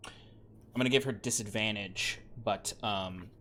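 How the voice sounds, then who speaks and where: A man running a tabletop game as game master, talking in an easygoing, halting way with many fillers and restarts. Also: lowish voice, bright, forceful tone, a little hiss or hum.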